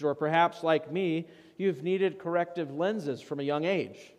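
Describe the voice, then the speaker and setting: A man preaching a sermon as pastor, leading a guided imagery passage with dramatic rises and hushed drops. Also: a little high. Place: church sanctuary. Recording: long church reverb.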